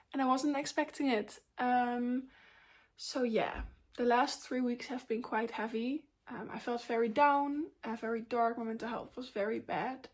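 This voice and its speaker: Candid, chatty young woman, fairly high voice. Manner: candid, chatty, many ums and likes. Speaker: vlogger. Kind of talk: casual personal life update.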